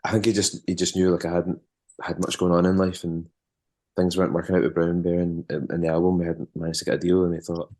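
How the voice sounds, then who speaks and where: A Scottish man with a very low voice spins loose, rambling tales in a relaxed interview. He stumbles and restarts often, and chuckles now and then while he talks. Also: quick pace. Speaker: musician and former tour manager. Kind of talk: casual interview storytelling.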